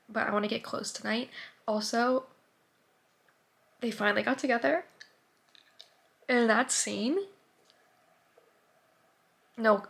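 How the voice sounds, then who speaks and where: Young woman, book vlogger, casual chatty delivery, slightly high voice with vocal fry. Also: a bit bright. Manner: chatty, filler-heavy, drops to whispers at times. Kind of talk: casual reading vlog.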